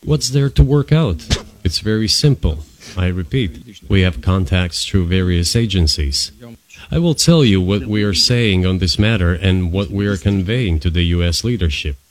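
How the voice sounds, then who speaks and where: A male interpreter dubbing an interview, steady and measured, with dry sarcasm. His voice is very low and deep, and his delivery is even. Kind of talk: interview voice-over translation.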